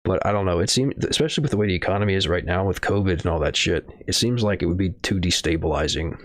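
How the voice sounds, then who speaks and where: A man with a low voice drifts through casual stream commentary, hedging, swearing and trailing off into fillers. His voice is close and dry, recorded at a desk mic in a small home room. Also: fast talker, no echo. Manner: rambling, profane, hedging with fillers. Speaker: streamer reading news.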